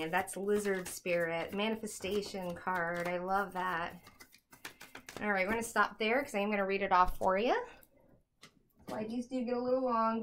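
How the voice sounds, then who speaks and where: Chatty, excitable woman reading tarot. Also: medium pitch, normal speed, a little hiss or hum. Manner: chatty, excitable, laughing often, talks to her dogs. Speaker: tarot reader. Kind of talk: casual tarot reading to camera.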